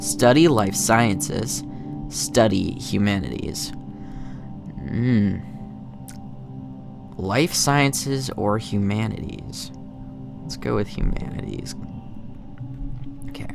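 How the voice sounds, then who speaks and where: A man's voice: lowish voice, lively intonation, takes it slowly, gravelly, pauses often, music in the background. A man casually commenting on a game and reading its text aloud, chatty and self-deprecating. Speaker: gaming channel host.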